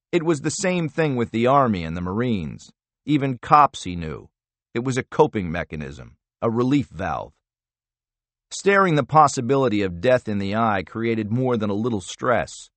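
A male audiobook narrator reads a thriller in a measured, expressive way. His pitch moves a lot, giving the narration lively swings. The recording is close and dry. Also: dry recording.

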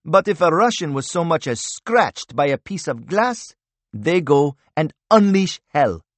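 Guy reading as an angry fired-up rebel fighter, voice pushed up higher and louder. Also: big pitch swings, unhurried, no room sound. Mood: indignant.

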